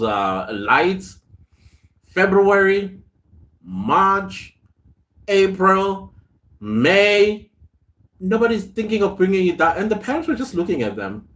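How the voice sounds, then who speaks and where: A man's voice: sits high, fairly bright tone. A man hosting a casual live stream, greeting viewers by name, reading their comments aloud and telling chatty stories with frequent laughs. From South Africa. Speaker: host.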